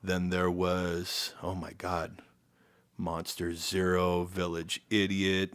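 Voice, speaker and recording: A man's voice: deep voice, takes it slowly, smooth, dry recording. A middle-aged man with an American accent, telling band stories casually as a podcast guest and acting out quotes. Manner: animated storyteller, acts out quotes with sudden loud jumps. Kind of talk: casual storytelling chat.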